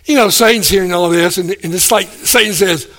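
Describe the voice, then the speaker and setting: A man preaching a sermon, animated, acting out the people he quotes and chuckling between points. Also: high voice, brisk, gravelly. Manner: animated, acts out quoted speakers.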